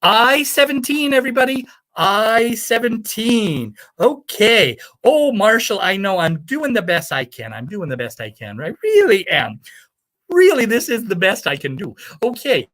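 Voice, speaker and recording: A woman's voice: mid-range voice, very animated, moderate pace, a bit bright. A woman playing a scatterbrained self-proclaimed primatologist who calls bingo and rambles in a put-on accent that drifts toward the American South. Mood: chatty. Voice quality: breezy, rambling, cheerfully misinformed. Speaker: bingo caller. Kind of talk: comic live-stream character bit.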